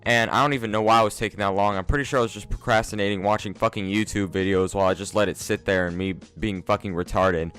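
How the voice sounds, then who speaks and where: A man's voice: on the low side, steady tone, fast, few pauses, fairly bright tone. A young man telling a casual, profane, self-mocking story to his viewers. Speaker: vlogger. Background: faint instrumental music.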